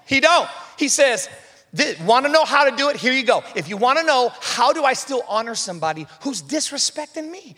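Male pastor, high bright tone, fervent preaching, long hall reverb. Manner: preaching with rising fervor, acting out Bible voices and calling out to the congregation. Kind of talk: sermon. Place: large church hall.

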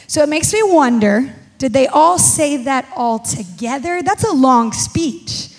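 A woman's voice: sits high, lively intonation, measured pace. A woman who is a kids pastor, speaking, reading scripture and preaching in a playful, chatty way. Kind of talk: sermon, Bible reading.

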